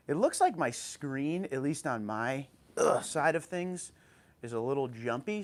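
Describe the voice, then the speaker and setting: A man in the middle of a relaxed home livestream, chatting into an old tablet at an easy, even pitch. He greets viewers one by one by name and reads their comments back to them in a friendly, informal way. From New Jersey. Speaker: livestream host. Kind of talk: casual livestream chat.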